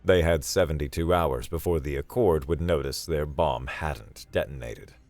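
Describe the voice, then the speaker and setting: A man narrating a sci-fi story in a dry, steady storytelling manner. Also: extremely low pitch, moderate pace, no echo, faint music behind. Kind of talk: scripted narration.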